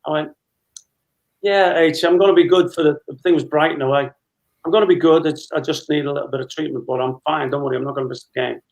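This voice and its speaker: A man's voice: fairly high pitch, steady tone, quick pace, a little mellow, poor audio. A man in his fifties, a guest telling a long casual anecdote and acting out dialogue as he goes. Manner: chatty storyteller, re-enacting dialogue with laughs.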